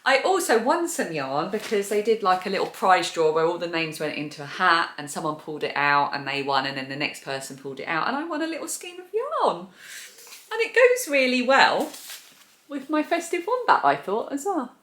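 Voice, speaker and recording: A woman's voice: medium pitch, very animated, moderate pace, a bit bright. A woman hosting a crochet and knitting podcast. She chats casually while showing yarn and laughs at her own poor memory. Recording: echoey room.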